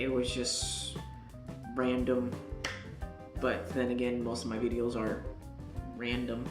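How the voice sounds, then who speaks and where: A young adult woman vlogger telling a story in an animated, casual way, swearing and talking straight to the viewer. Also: extremely low pitch. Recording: echoey room.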